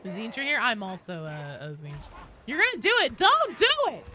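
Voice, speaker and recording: A woman in her thirties streaming a game live, chatting with her viewers in a lively, joking way with loud outbursts. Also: medium pitch, a little fast. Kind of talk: live-stream chat while gaming. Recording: game sounds and noise behind voice.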